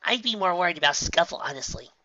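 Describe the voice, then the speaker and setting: Dinky, a man doing a bright young filly pony. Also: high voice, lively intonation, fast talker, lo-fi sound, voice pushed up. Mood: upbeat. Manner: upbeat, reassuring. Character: cheerful young filly pony, upbeat schoolgirl.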